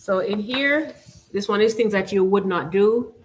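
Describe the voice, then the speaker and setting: A woman's voice: medium pitch, moderate pace, a little hiss or hum. A woman from Jamaica with a Jamaican accent, hosting a casual live stream and chatting loosely, with many "you know"s and "like"s. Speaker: channel host.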